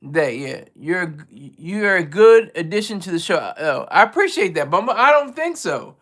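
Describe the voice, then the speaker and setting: A man with a high, bright voice talks casually on a home livestream. He rambles and restarts his sentences often. He keeps putting himself down. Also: big pitch swings, moderate pace. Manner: rambling, self-deprecating, many restarts. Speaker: livestream co-host and regular caller.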